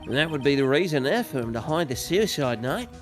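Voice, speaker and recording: A man's voice: on the high side, big pitch swings, fairly quick, soft background music. A man voicing a brawny, boastful male TV actor with a hammy mock-Scottish brogue on a game stream. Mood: confiding.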